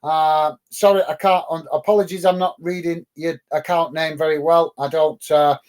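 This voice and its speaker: Middle-aged English man, higher-pitched, casual and fired-up football fan host, lots of fillers. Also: level tone, normal speed, darkish tone, smooth. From England. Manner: chatty, gets worked up and emphatic, many ums and uhs. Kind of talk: live watch-along chat reading viewer comments.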